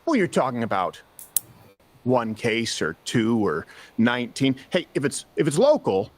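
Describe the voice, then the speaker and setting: A man's voice: mid-range voice, very animated, a little slow. A man hosting a political commentary show, speaking emphatically in scripted narration and putting rhetorical questions to his audience.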